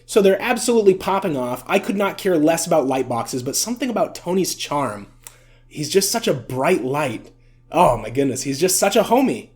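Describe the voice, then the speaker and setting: A man's voice: fairly high pitch, sing-song, moderate pace. A man giving casual, chatty vlog commentary, amused and full of fillers. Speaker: video essay vlogger.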